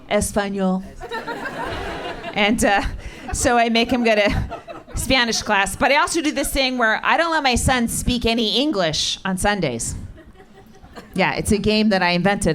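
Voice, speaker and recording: A woman's voice: mid-range voice, normal speed, background noise. Middle-aged woman doing dry stand-up. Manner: dry, profane, teasing the audience. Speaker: stand-up comedian. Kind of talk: stand-up set with crowd work. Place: comedy club stage. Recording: live club set with audience laughter. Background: audience laughing.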